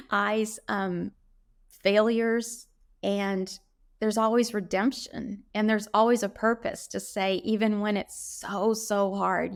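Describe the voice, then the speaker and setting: Middle-aged lady telling her faith story, earnest and heartfelt, lots of little um pauses. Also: medium pitch. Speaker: interviewee sharing her faith testimony. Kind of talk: reflective interview answers.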